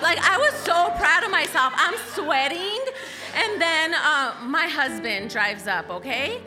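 High, bright-voiced woman telling a lively story. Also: unhurried, faint music behind. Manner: animated, laughing storyteller with many "like"s and "okay?". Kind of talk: storytelling in casual talk.

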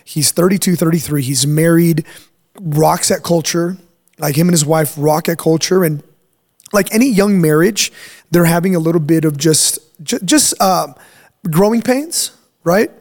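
A man's voice: on the high side, unhurried, a little mellow. A man hosting a faith podcast as pastor, talking in an emphatic, preachy way and checking in with "right?" as he explains. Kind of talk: casual chat.

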